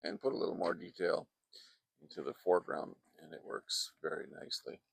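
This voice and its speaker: Man, painting instructor, low gravelly voice, chatty and digressive, close dry mic outdoors. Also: fairly even intonation, brisk, no echo. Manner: chatty, wandering off into asides. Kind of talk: casual painting demonstration. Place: outdoors in a backyard. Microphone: close microphone.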